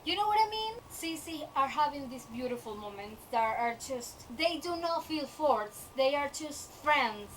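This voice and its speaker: A young woman vlogger in a casual, animated rant about a TV show, exasperated and often laughing. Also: high voice, a little slow, few pauses, far from the mic, a little hiss or hum, rough recording.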